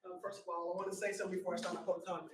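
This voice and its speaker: A man in his fifties from San Francisco, giving a public comment at a meeting, speaking slowly and addressing people in the room directly and playfully. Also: high-pitched, little pitch movement. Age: 50s. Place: community center meeting hall. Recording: echoey hall, distant mic, faint noise.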